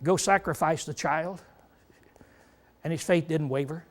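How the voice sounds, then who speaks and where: An older man preaching a Bible study sermon in a folksy manner, often clearing his throat and asking the congregation rhetorical questions. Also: a little high, measured pace.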